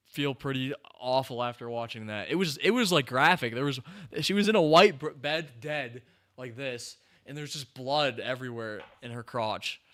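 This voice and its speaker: Bright, crisp-voiced man rambling on a podcast. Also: medium pitch. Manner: rambling, animated, lots of fillers and restarts. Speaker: podcast host. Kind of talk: casual podcast chat.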